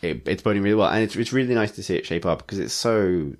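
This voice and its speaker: A man with a low, deep voice talks in casual podcast chat. He rambles enthusiastically, full of likes and restarts, as a regular co-host. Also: expressive, fast. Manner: rambling, enthusiastic, many fillers.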